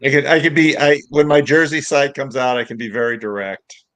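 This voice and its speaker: A man who works as a pastor, chatting casually on a livestream in a reflective, halting way with many restarts. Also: mid-range voice, fairly even intonation, a bit bright.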